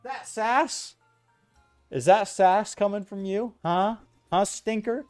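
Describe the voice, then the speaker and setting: A man doing a shrill, taunting sass-scolder. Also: takes it slowly, darkish tone, soft background music. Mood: mock indignant. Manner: taunting, mock-indignant.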